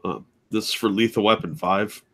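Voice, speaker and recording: Male guest, low voice, deadpan wry humor. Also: moderate pace. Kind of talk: casual chat on a live stream.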